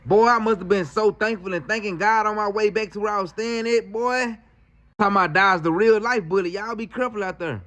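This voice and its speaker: A man telling a story in casual slang, animated and acting out the people in it. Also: high-pitched, brisk. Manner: animated, slangy, acts out quotes.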